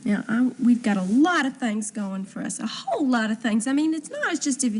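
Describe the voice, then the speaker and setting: An actress playing a sweet, doting young wife and would-be singer in a 1970s TV soap. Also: female voice, fairly high pitch, very animated, fairly quick, a little mellow. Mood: soothing.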